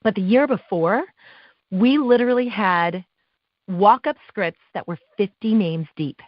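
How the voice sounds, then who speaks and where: A woman's voice: medium pitch, a little slow, no echo. Woman announcer chatting on a podcast, dry dull sound, tells stories with lots of life. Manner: animated, acts out quotes, laughs often. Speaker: guest, live awards show announcer. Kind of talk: casual interview storytelling.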